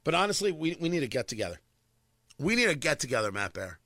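A middle-aged man holds forth on a morning radio show in a high, bright voice that leaps around. He repeats his points for emphasis and slips in sarcastic jokes. The studio sound is close and dry. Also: very animated, quick pace, no room sound. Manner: emphatic, repetitive, sarcastic asides. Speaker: radio talk show host. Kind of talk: opinionated morning radio monologue. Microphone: studio microphone.

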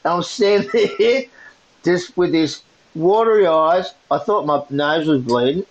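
A man's voice: on the high side, unhurried. A man telling a story in a casual chat, laughing often as he goes. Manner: laughing often, animated retelling. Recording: muffled lo-fi sound.

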